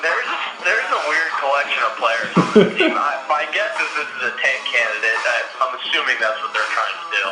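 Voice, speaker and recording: A man's voice: mid-range voice, brisk, few pauses, over loud music. Casual man chatting sports, echoey room. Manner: relaxed, laughs often, hedging. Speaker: podcast co-host.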